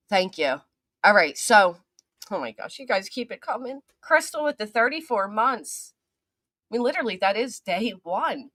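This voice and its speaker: A woman's voice: mid-range voice, moderate pace, fairly bright tone, dry recording, studio quality. A woman hosting a casual livestream, chatting and greeting viewers by name, swearing now and then. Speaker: channel host.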